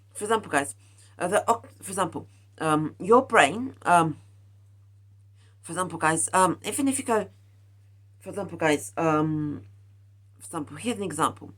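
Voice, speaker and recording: A young woman with a medium-pitched, slightly breathy voice muses aloud about her personal philosophy like a vlogger. Her casual monologue rambles, packed with fillers, restarts and repeated calls of "guys".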